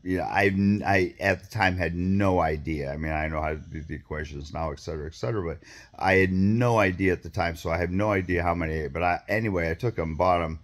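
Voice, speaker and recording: A man with a low voice tells a long, meandering story straight to camera. He swears freely and keeps stopping to restart sentences and throw in asides. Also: fast talker. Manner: rambling, profane, lots of fillers and restarts. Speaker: vlogger.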